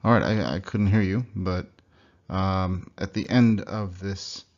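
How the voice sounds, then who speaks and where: A man with a low voice teaches a recorded slideshow lesson at an easy pace. He hesitates often and restarts his sentences. The sound is dull and lo-fi, as if from a basic computer mic. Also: slow pace. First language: English. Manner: relaxed, hesitant with many fillers and restarts. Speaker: language teacher. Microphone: computer microphone for a slideshow recording.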